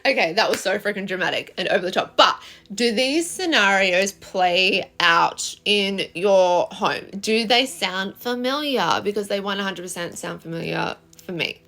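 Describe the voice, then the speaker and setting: A woman telling relationship scenarios in a casual vlog, expressive and animated. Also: mid-range voice, a little slow. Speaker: relationship vlogger.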